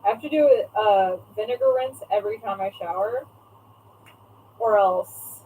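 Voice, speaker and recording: A woman's voice: mid-range voice, normal speed, phone-quality sound, slight background noise. A young woman chatting casually on a live stream as a craft shop owner, reading out viewer comments and swearing now and then.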